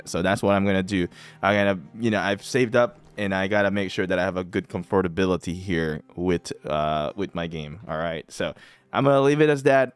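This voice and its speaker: A man's voice: low voice, smooth. A man giving casual commentary while playing a mobile strategy game, chatty and teasing, often breaking into laughter.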